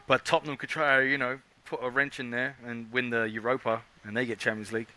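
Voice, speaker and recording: A man co-hosting a casual podcast chat, animated and jokey, who swears freely. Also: mid-range voice, brisk. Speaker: podcast co-host.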